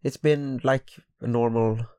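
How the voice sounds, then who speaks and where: A man with a Swedish accent, Swedish his first language, co-hosting a podcast in English, groggy from just waking up and halting and hesitant with the language. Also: medium pitch, fairly even intonation, dark tone, clear, resonant tone, no echo, studio quality. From Sweden. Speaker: podcast co-host. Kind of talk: casual podcast chat. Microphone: podcast microphone.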